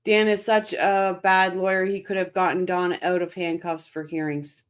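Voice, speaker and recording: A woman's voice: lowish voice, little pitch movement, moderate pace. A woman hosting a casual live-stream, reading out viewer comments by name and answering them with emphatic, impassioned commentary, often repeating her phrases.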